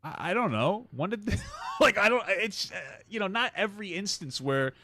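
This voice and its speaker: A man co-hosting a casual stream, talking haltingly with restarts and laughs. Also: sits high, very animated, bright, forceful tone, dry recording. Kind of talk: casual live-stream discussion.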